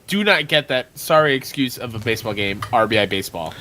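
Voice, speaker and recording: A man's voice: mid-range voice, animated, quick pace, background noise. A man co-hosting a gaming podcast, speaking bluntly and emphatically. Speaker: podcast co-host. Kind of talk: casual podcast chat.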